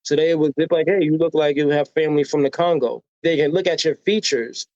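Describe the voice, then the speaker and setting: A man's voice: fairly high pitch, steady tone, brisk, darkish tone, no room sound, highs cut off. An American man being interviewed on a podcast. He tells personal stories with energy and acts out the voices of people he quotes, often adding "right?" to draw the listener in. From United States. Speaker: podcast guest.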